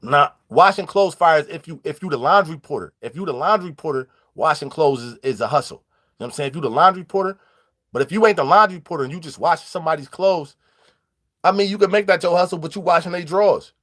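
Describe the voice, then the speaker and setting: Animated man telling prison stories. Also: on the high side, fast. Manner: animated street slang, acts out quoted dialogue, greets live viewers. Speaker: vlogger. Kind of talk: casual storytelling vlog.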